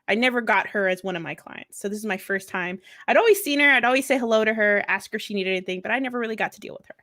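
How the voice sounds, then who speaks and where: A woman's voice: medium pitch, a bit bright, no room sound, clean studio sound. A woman in her thirties, a veteran and mother, telling candid stories at a mental health event in a blunt, profane way, often laughing. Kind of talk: candid storytelling.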